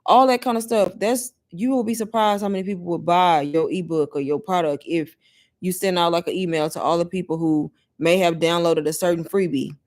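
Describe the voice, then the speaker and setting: A woman's voice: lowish voice, fairly even intonation, fairly quick, a little mellow. A woman hosting a casual live Q&A stream, chatty and laughing often, talking straight to her viewers as y'all. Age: adult mother. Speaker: livestream host answering viewer questions.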